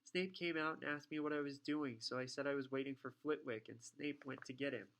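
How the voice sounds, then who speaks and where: A man reading an audiobook, voicing a clever, anxious young schoolgirl in a raised, quick voice. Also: fairly bright tone. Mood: upset. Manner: high and quick, wailing when upset.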